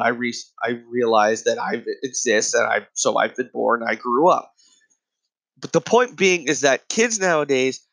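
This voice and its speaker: A man's voice: medium pitch, a bit bright, rough recording. A man delivering a profane, exasperated comedic rant, angry and swearing constantly.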